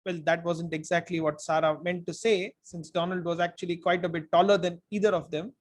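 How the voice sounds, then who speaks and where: High-voiced man reading a story aloud. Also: brisk. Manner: expressive, talks to listeners. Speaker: book reader. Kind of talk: audiobook-style story reading.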